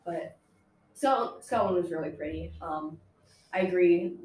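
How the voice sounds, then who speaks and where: A young woman talks casually with a student group, stringing thoughts together with fillers and laughing asides. Her voice sits a little low. The room around her is echoey. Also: a little slow, a little mellow, slight background noise. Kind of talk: casual chat.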